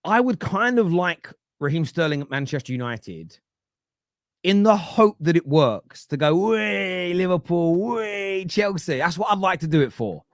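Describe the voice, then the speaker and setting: A man in his thirties chats casually on a football stream, reading out comments. His pitch swings widely as he laughs and repeats words for emphasis. The sound is dry and close, with no room around him. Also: very animated, moderate pace, hardly any pauses, no room sound. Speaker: football podcast host.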